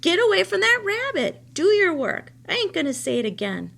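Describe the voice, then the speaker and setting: Woman putting on a loud bossy old farm woman. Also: high voice, animated, moderate pace, gravelly, breathy edge, exaggerated voice. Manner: loud, commanding, folksy.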